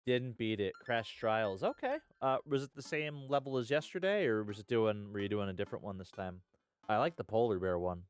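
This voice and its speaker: A man's voice: on the low side, fairly quick, clear, resonant tone. A man streaming live, chatting casually and rambling with viewers, dropping lots of "uh" and "hell yeah".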